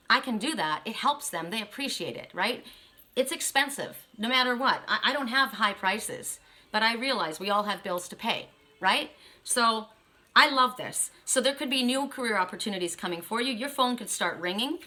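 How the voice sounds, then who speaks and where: Bright-voiced woman giving a card reading. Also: on the high side. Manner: chatty and emphatic, keeps asking "right?". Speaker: tarot card reader. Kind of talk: casual spiritual card reading.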